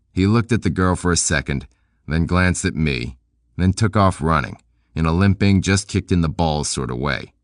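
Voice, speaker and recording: A man narrating a first-person audiobook in a deadpan, dry, low-key manner. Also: no echo.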